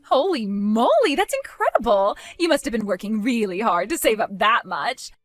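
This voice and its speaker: A woman's voice: on the high side, sing-song, moderate pace, dry recording, soft background music. A woman voicing a greedy, entitled young sister-in-law with a whiny, sing-song, demanding manner in a voiced story drama. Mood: scheming.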